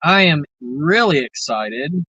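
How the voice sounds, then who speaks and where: A man's voice: on the high side, expressive, slow, pushed and bright, slightly rough, dry recording, lo-fi sound. A man from the American South with a Southern accent, hosting a livestream and chatting to viewers in a rambling, drawling way full of fillers. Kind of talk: casual chat.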